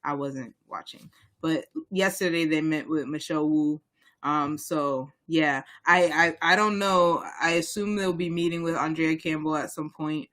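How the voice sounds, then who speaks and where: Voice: medium pitch, unhurried, fairly bright tone. A young adult podcast co-host from Boston, talking politics in a rambling, heated way with many restarts. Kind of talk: casual chat on local politics.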